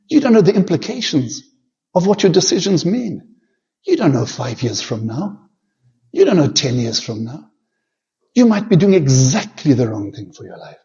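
A man preaching with fervent conviction, his mellow, darker voice climbing into loud, pleading peaks and then sinking to a near hush in prayer. The recording sounds dull and muffled, like an old church tape. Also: fairly high pitch, breathy edge. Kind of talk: sermon with altar call and prayer.

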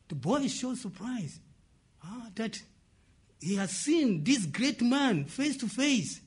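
A man's voice: extremely high pitch, very animated, slow, a bit bright, breathy edge. A man preaching a sermon and telling a story, breaking in with "praise God" and asking the congregation to fill in the words. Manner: call-and-response, asks "what?" for the congregation to fill in; interjects "praise God" and "amen".

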